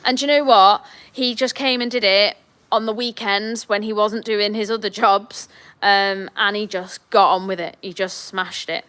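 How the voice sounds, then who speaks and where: A woman's voice: medium pitch, fairly even intonation, moderate pace, fairly bright tone, clean tone. A woman farmer chatting casually on a livestream from her sheep shed, fondly talking to her lambs between comments. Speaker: farmer vlogger.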